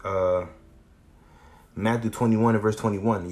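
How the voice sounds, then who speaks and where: A man teaching scripture in a casual, informal way. He reads verses slowly and keeps adding "man" and "you know.". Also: fairly low pitch, darkish tone. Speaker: preacher.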